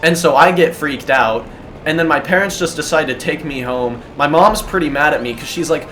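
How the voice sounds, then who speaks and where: Animated self-mocking man telling a story. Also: fairly high pitch, normal speed, soft background music. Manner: animated, self-deprecating, swears freely. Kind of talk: casual personal storytelling.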